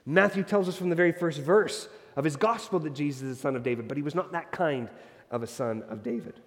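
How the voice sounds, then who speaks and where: A man preaching an expository sermon, moving between emphatic lines and hushed ones. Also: a little high, quick pace. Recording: hall reverb.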